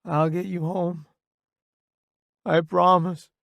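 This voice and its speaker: A man voicing a desperate young soldier who shouts in anguish. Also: sits high, flat delivery, slow pace, gravelly, dry recording, pitched above the performer's own voice, heavily acted. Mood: anguished shouting.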